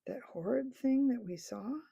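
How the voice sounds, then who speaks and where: A woman's voice: fairly high pitch, unhurried, creaky, breathy edge, no room sound, pitched above the performer's own voice, heavily acted. A woman voicing an anxious young girl who whispers worried questions in a storybook reading. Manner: hushed, worried. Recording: dull lo-fi recording.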